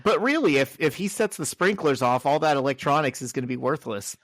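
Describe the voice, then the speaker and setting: A man's voice: on the high side, lively intonation, fairly quick, fairly bright tone, no echo. Dry-witted man cohosting a podcast. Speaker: podcast co-host. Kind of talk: casual comic book podcast chat.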